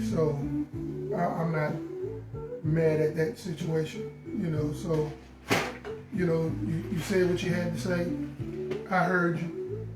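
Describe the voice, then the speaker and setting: A man with a fairly high voice co-hosts a live relationship talk stream, offering earnest advice and going over his points again in casual chat. He's recorded from a distance, and the sound is roomy with guitar music in the background.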